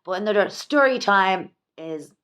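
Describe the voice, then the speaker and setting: An Irish woman vlogging from home, talking fast and candidly in a rambling, repetitive way. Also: medium pitch, expressive, fairly bright tone, clear, resonant tone. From Ireland. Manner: rambling, fast, repeats herself. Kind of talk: candid confessional vlog. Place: at home in her own small place.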